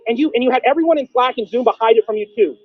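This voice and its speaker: High voiced guy firing off accusing questions fast, sarcastic, tinny phone sound. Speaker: stream host. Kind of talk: heated confrontational call-in argument.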